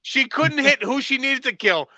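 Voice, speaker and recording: Podcast co-host, man, very bright high voice, stammering in frustration, dry close sound. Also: lively intonation, moderate pace, dry recording, muffled recording. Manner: exasperated, stammering rant. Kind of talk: casual movie discussion. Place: room at home, late evening.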